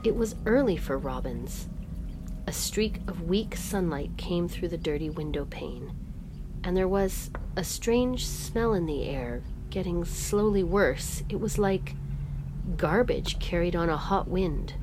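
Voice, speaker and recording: A woman reading a story aloud as narrator in a measured, steady way. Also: on the low side, noisy background. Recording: music playing underneath.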